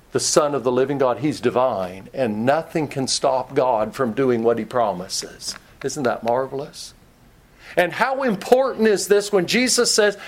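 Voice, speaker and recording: A man with a Kentucky accent preaching a sermon, his voice sitting a little higher than most men's. He keeps it conversational, teasing himself and acting out small everyday scenes to make his points.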